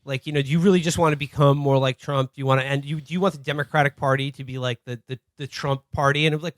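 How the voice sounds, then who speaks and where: A man's voice: medium pitch, fairly even intonation, fast talker, hardly any pauses, no room sound, clean studio sound. A man co-hosting a podcast, chatting casually about politics in a profane, rambling way full of fillers. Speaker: podcast co-host.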